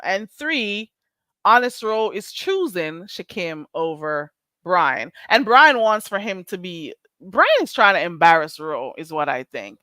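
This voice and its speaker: A woman's voice: medium pitch, bright, forceful tone, dry recording. A woman hosting a casual livestream, talking bluntly and animatedly with bursts of laughter. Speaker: livestream host.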